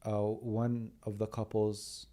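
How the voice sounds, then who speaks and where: A man hosting a podcast conversation, speaking haltingly and searching for words as he asks questions. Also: lowish voice, completely flat delivery, mellow. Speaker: podcast host.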